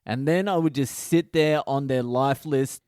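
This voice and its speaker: A middle-aged man hosts his own comedy podcast, barrelling through a story with constant swearing and gleeful exaggeration. His voice sits at an ordinary male pitch and sounds dry, with no room echo. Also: normal speed, darkish tone, smooth. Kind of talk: profane comic storytelling monologue.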